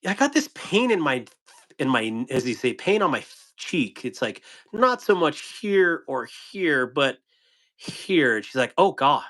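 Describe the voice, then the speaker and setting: A man's voice: a little high, sing-song, measured pace, a bit bright. A man hosting a live stream, reading and answering chat comments in a playful way, laughing often and tripping over tongue twisters.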